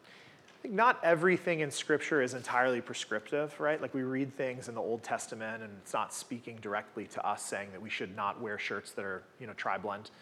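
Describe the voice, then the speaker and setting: Brisk and sharp, with a slightly rough edge at medium pitch, a guest preacher in his forties delivers a relaxed, chatty sermon to a church gathering. He leans on rhetorical questions and keeps tagging lines with "right?"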